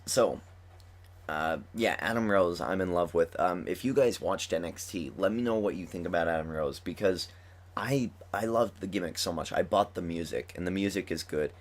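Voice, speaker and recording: Low-voiced man rambling over gameplay. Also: normal speed. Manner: rambling, chatty, enthusiastic fan talk. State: just woke up. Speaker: gaming commentator. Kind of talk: casual commentary over gameplay. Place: at home.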